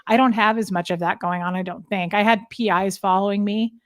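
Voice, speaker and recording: A woman guest in a conversational interview, telling her story candidly and emotionally, with frequent halting restarts. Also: medium pitch, fairly even intonation, no echo, studio quality.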